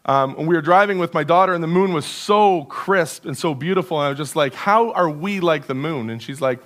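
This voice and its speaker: Guy preaching in church, kinda high voice, earnest, repeats himself for emphasis. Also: expressive, fairly quick, fairly bright tone. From Canada. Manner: earnest, conversational preaching with repetition and emphatic buildup. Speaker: pastor. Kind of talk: sermon. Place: church sanctuary.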